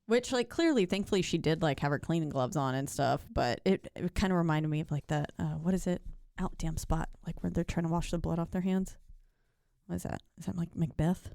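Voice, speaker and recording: A woman's voice: lowish voice, a little fast, vocal fry, mellow, no room sound, clean studio sound. A woman co-hosting a casual podcast chat, chatty and slipping into quoted voices. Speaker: podcast co-host.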